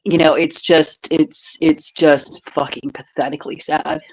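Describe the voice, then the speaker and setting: A woman's voice: low voice, fairly even intonation, measured pace, slight background noise, low-quality recording. A woman co-hosting a casual podcast chat, blunt and profane, laughing often. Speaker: podcast co-host.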